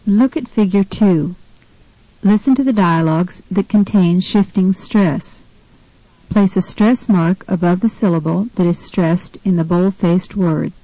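A woman reads the steps of an English pronunciation lesson in a clear, measured way. Her voice is warm and mellow, and the recording is dry and close. The style is scripted teaching narration. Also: lowish voice, no echo, rough recording.

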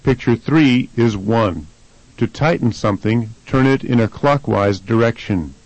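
A man reads answers and dialogue lines for an English lesson in a plain, even manner. His voice sits at an ordinary middle pitch, and the recording is dry and close. The style is scripted teaching narration. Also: unhurried, no room sound, highs cut off. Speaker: language lesson voice actor.

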